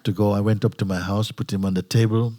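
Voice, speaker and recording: A man with a fairly low voice tells a story at an informal retreat talk, breaking into laughter often. His phrasing is loose and non-native, with plenty of fillers and restarts. He is a spiritual teacher speaking casually to his listeners. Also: flat delivery, fast talker, mellow.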